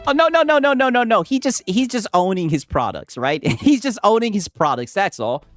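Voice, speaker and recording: A man's voice: high-pitched, brisk, dry recording. Hyped guy streamer, voice bouncing all over, cussing and teasing, dry room, faint music. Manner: loud, excitable, swearing, teasing. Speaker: streamer reacting to videos. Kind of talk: casual reaction stream chat.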